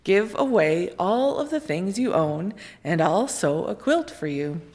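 A calm, steady storybook quilt maker, as a woman reading aloud puts her on, her voice dropping lower than the narration. She speaks evenly and firmly, unbothered by the king. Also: unhurried. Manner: low, calm and even.

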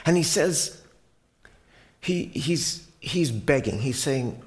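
A man's voice: medium pitch, expressive, slow, pauses often. A man preacher retelling a Bible story dramatically, sometimes dropping to a whisper.

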